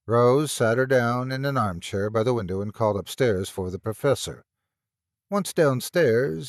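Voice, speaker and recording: A man's voice: mid-range voice, dry recording, studio quality. A man narrating a horror audiobook in scripted storytelling style.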